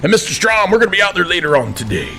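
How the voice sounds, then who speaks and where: A man with a drawl preaches a heated rant into his camera from an office. His voice is bright and edgy with a gravelly fry. The pitch leaps and dives as he stammers through restarts. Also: very animated, racing, faint music behind. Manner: preachy, repeatedly addresses "friends", stammers when worked up. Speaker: vlogger in the persona of a command sergeant major.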